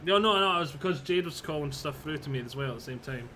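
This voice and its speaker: A man's voice: on the high side, expressive, fast, bright, forceful tone, a little hiss or hum. A man streaming a co-op game, chatting easily with a friend and laughing readily. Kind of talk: casual gaming chat.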